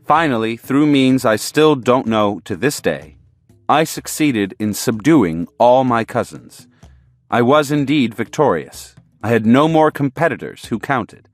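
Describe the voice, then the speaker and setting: A male audiobook narrator telling a first-person story in a measured, earnest way. His voice is middle-pitched and sounds dry and close, with faint music playing softly beneath. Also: lively intonation, no echo.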